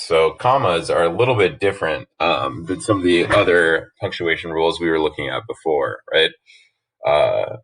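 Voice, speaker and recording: A man with a very low voice talks through slides as a teacher. He reads each rule and example aloud slowly and patiently, then explains it in plain words, pausing often on "uh". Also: fairly bright tone. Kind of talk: slide lesson narration.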